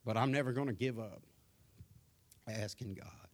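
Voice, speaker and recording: A middle-aged man preaching a sermon as a pastor, rising to loud emphatic declarations and dropping to a soft, subdued voice when telling a personal story. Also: mid-range voice, normal speed.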